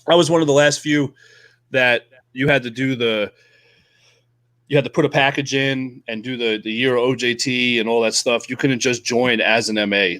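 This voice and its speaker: A man co-hosting a casual podcast, telling Navy stories in a profane, animated way and acting out shouted quotes. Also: mid-range voice, dry recording. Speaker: podcast co-host, Navy veteran. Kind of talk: casual storytelling chat.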